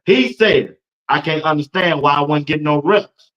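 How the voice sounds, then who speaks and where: A man's voice: on the high side, normal speed, fairly bright tone, dull audio. A man, hosting a casual live-stream sports talk show, chatty and loose and speaking to viewers in the chat by name.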